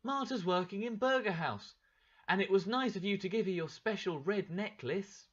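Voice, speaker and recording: Man putting on a squeaky demanding little boy. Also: normal speed, slightly rough, dull audio. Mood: excited. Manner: loud, whiny and eager. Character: excited demanding young boy.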